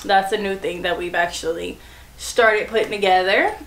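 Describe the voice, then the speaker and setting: A woman's voice: mid-range voice, steady tone, normal speed, a bit bright. A woman co-hosting a casual eating show, chatting and laughing as she plugs the show. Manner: laughing, chatty promo talk. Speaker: co-host. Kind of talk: casual chat while eating. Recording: echoey room with faint noise.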